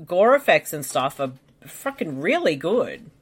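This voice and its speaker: A man's voice: on the high side, a little slow, slightly rough. A man co-hosting a casual movie commentary chat, teasing friends and swearing freely. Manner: swearing, teasing, excitable reactions. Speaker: podcast co-host.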